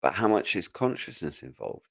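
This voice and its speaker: A man's voice: low-pitched, big pitch swings, normal speed, fairly bright tone, no room sound, studio quality. A man as a podcast guest in casual chat, musing aloud with many restarts. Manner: musing, stammering restarts, laughs easily.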